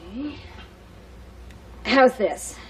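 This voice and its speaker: A cheerful, playful middle-aged sitcom mom. She has a high, bright voice and a bubbly, teasing manner. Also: very slow, breathy edge, full character voice, low-quality recording. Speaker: sitcom mother. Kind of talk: 1980s studio sitcom acting.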